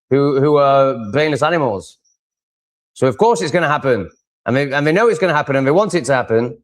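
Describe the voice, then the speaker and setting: A man hosting a live stream, chatting casually and reacting to viewers' comments in a rambling, opinionated way. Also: on the high side. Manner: rambling and opinionated, with many fillers and restarts. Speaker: livestream host.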